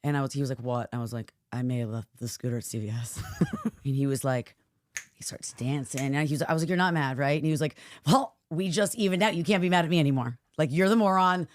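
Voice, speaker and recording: Fast-talking woman telling a story. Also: sits low, dry recording. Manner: animated storyteller acting out quoted people. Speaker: podcast co-host. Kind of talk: casual chat. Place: studio.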